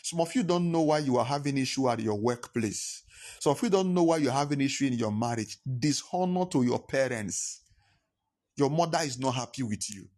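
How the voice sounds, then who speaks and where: Male pastor, mid-pitched voice, sermon delivery with repetition and acted-out phone calls. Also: animated, a little fast, a little mellow. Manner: preaching with repetition, acting out phone calls in pidgin.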